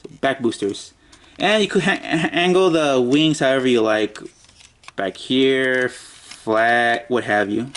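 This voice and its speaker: A man's voice: medium pitch, expressive, takes it slowly, a bit bright. A man giving a casual toy review, muttering and joking to himself as he handles the figure.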